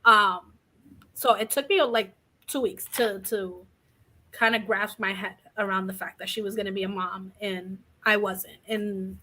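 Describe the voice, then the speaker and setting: A young adult woman with a mid-range, fairly bright voice is a guest in an interview, telling a candid personal story in an open, rambling way. She coughs a little from asthma and quotes others in little acted lines.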